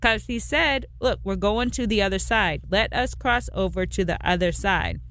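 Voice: mid-range voice, normal speed, pushed and bright, slight background noise. A pastor on a radio talk show, reading Bible verses aloud and explaining them in conversation.

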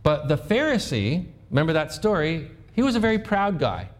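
A man with a notably high-pitched voice preaches a sermon. He keeps it conversational, throwing questions out to his listeners and acting out prayers in his own voice. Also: big pitch swings, normal speed. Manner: conversational, asks the congregation questions. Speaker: pastor.

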